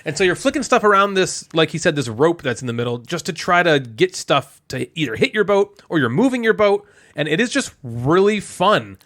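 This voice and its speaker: A man co-hosting a board game podcast in casual chat, animated and laughing often. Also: on the high side, a little fast, hardly any pauses. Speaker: podcast co-host.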